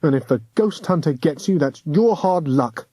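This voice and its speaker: A man's voice: a little high, lively intonation, normal speed, mellow, husky, no room sound, voice pushed up. An audiobook narrator, a man, voicing a blunt young boy with curt, plain speech. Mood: snappy.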